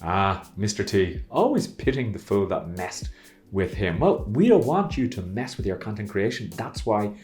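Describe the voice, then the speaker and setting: Lively Irish man hosting a marketing video. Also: on the low side, moderate pace, soft background music. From Ireland. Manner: animated and playful, with jokey asides. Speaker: host. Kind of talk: upbeat marketing video talk.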